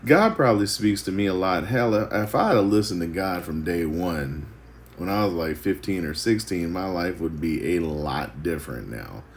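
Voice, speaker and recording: A deep-voiced man talks through a Bible passage in a loose, rambling way. He chuckles often and pokes fun at himself. A faint hiss sits under his voice. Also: animated, moderate pace. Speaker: vlogger. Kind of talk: casual devotional Bible reflection.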